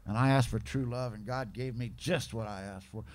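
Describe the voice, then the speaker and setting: A middle-aged man shares his story at a recovery meeting in loose, slangy everyday speech. His voice sits at an ordinary middle pitch, and he slips into other people's lines to act them out as he talks. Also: moderate pace. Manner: casual slangy talk, acts out others' lines. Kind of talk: personal testimony storytelling.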